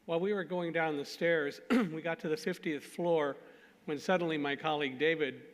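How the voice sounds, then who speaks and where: A man's voice: on the high side, moderate pace. A man speaking at a conference, telling a story with self-deprecating jokes. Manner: animated, self-deprecating jokes, laughs at himself. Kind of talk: storytelling talk. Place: conference hall. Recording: long hall reverb.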